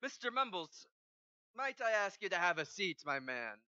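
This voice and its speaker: Man doing a smooth eager banker. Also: sits high, sing-song, normal speed, sharp tone, dry recording, highs cut off, pitched above the performer's own voice, heavily acted. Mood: ingratiating. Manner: ingratiating sales talk. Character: smooth, eager male banker, middle-aged.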